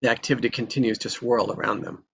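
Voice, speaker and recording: Brief: man with a gravelly voice reading stage directions plainly. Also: mid-range voice, fairly even intonation, fast talker, fairly bright tone, lo-fi sound. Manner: plain, matter-of-fact.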